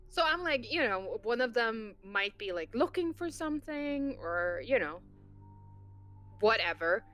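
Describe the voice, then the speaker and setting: Chatty woman with a slightly high voice, loose casual storytelling. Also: fairly bright tone. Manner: chatty, many filler "like"s. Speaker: tabletop game player. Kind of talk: casual chat, telling an anecdote.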